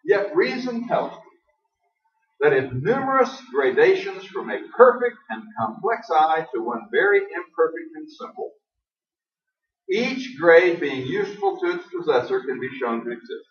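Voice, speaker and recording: A man preaching a sermon in a church hall, emphatic and folksy, slowing down to stress the passages he quotes aloud. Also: on the high side, very animated. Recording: echoey, distant, dull live church recording.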